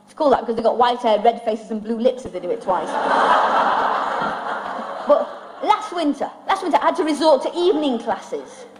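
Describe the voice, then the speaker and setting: A woman's voice: a little high, expressive, brisk, long pauses, very noisy. A woman comedian, singing comic songs and doing dry, self-mocking stand-up in front of an audience. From England. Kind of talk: live stand-up and comic song. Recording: old vinyl record with music and audience.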